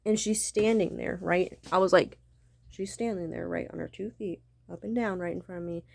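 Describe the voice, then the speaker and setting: A woman's voice: on the low side, steady tone, moderate pace, vocal fry, darkish tone, dry recording. Cranky, profane woman venting. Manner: profane, repetitive, keeps asking "right?". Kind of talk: angry rant to camera.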